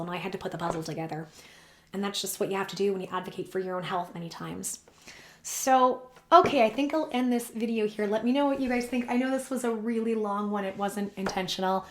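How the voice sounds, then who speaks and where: Woman vlogger with a strained voice. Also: medium pitch. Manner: earnest, chatty, thankful to her viewers. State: strained, losing her voice. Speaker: vlogger giving predictions. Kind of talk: casual talk to camera. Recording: echoey room.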